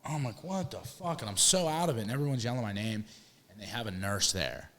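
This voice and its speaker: A young man with a lowish voice tells a long story, rambling and restarting and swearing freely. His voice rings in a reverberant room, the way a casual podcast sounds. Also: lively intonation, quick pace, fairly bright tone. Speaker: podcast co-host.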